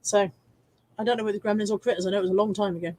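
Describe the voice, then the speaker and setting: This middle-aged woman's mid-range voice is mellow and steady, delivered very fast in a dry recording. As host of a casual live stream, she reads viewer comments cheekily and chattily, with lots of laughs and an occasional swear word.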